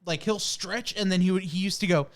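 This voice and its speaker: High-voiced animated man chatting. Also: fairly quick. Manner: animated storyteller, acts out his dog's noises. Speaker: podcast co-host. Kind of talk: casual chat.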